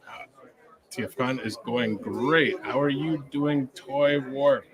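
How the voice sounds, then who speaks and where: A man's voice: medium pitch, slow pace, rough recording. Laid-back male host over crowd noise. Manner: relaxed, reads chat comments aloud. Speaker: livestream host. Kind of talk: casual live stream chat. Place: convention lounge. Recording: busy convention crowd behind.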